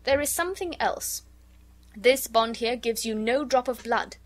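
A woman reading the lines of a young woman posing as a wise counsellor, grave and measured, in a storybook. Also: a little high, natural voice.

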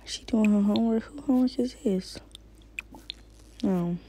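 A woman's voice: a little high, unhurried, dark tone, slight background noise, rough recording. A woman giving casual, slangy commentary while playing a game and talking to her viewers. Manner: slangy, chatty, talks to viewers. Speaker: gamer.

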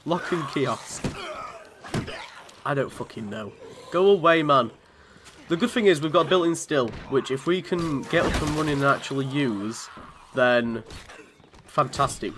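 A man's voice: medium pitch, fairly bright tone, a little hiss or hum. A man from commentating on a video game in a chatty, sweary way, often laughing. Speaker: gaming channel host.

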